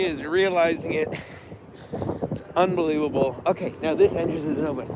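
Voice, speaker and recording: Man, brash livestream rant, fairly high voice, loud street noise around. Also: moderate pace, pauses often. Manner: brash, ranting, boastful. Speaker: livestream host. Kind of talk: walking livestream vlog. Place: outdoors around a stadium. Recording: noisy outdoor street sound.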